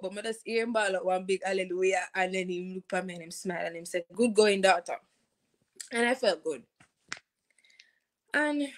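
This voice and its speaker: A woman's voice: mid-range voice, gravelly, poor audio. Earnest young Jamaican woman testifying. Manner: earnest, repeats phrases for emphasis, slips into patois. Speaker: youth show host. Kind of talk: personal testimony and exhortation.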